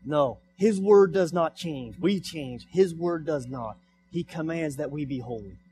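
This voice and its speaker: A man's voice: on the high side, lively intonation, a little slow, warm tone, soft background music. A young man preaching a sermon in church, repeating his points with rising emphasis. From United States. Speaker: pastor. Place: church sanctuary.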